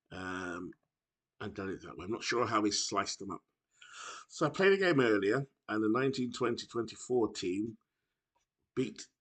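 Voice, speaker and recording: A man's voice: on the low side, fairly bright tone, breathy edge. A British man chatting casually to his viewers about a baseball video game, rambling and often correcting himself, recorded on a laptop microphone. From United Kingdom. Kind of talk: casual chat to camera.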